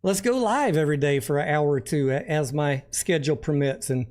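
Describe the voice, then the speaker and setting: A man's voice: a little high, fairly quick, darkish tone. A man hosting a casual livestream, chatting and joking while reading viewer comments aloud. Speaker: livestream host.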